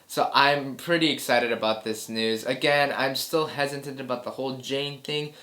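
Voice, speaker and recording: A man's voice: medium pitch, steady tone, moderate pace, pushed and bright. Upbeat man chatting about movies. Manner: enthusiastic, many restarts and repeated words. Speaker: host of a movie news chat show. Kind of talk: casual movie reaction chat.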